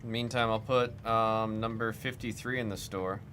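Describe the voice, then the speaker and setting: A man's voice: lowish voice, fairly even intonation, unhurried, sharp tone. A man hosting a trading card break livestream, chatting casually and reading off lists as he works his computer. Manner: chatty, reads off lists while working the computer.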